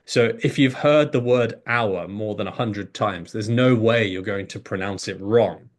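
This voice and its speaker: Man explaining language learning with animated examples. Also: on the low side, unhurried. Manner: animated, demonstrates pronunciation examples. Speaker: English teacher, guest. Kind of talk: explanatory conversation.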